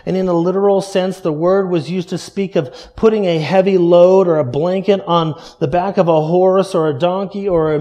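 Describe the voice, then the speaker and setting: A man preaching a sermon, emphatic, repeating key phrases and dropping softly low for stress. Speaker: pastor.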